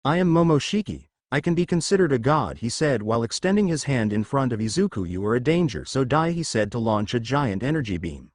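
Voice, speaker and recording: A man's voice: medium pitch, sing-song, fairly quick, few pauses, no room sound, clean studio sound. A man voicing a cold, arrogant male villain who calls himself a god.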